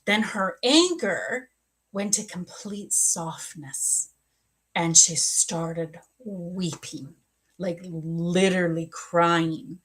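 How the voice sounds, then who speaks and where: A woman's voice: lowish voice, takes it slowly, a bit bright, breathy edge. A woman working as a psychic medium, chatting casually on a livestream, telling a personal story and acting out the dialogue. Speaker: psychic medium and spiritual coach.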